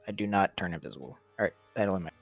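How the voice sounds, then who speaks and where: A man's voice: low voice, expressive, racing, gravelly, lo-fi sound, soft background music. A man playing a tabletop game, hesitant and full of fillers. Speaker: player. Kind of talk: casual tabletop play.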